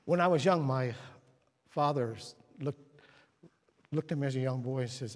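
A man preaching a sermon at a church service, telling stories and dropping to hushed tones for emphasis. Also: mid-range voice, normal speed. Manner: storytelling, drops to hushed tones. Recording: long hall reverb.

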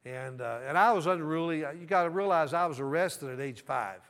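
A man's voice: on the high side, lively intonation, fairly quick, a bit bright. A middle-aged man from the American South preaching a sermon, telling stories and drawing call-and-response from the congregation. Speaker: pastor. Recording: long hall reverb.

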